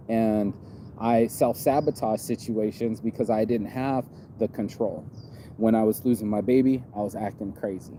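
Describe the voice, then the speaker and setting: A man in his forties, rambling and reflective in a laid-back outdoor vlog, his voice low and mellow. He keeps dropping "you know" between thoughts while traffic hums faintly behind him. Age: 40s. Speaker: vlogger. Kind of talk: casual outdoor vlog monologue. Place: outdoors on a campus.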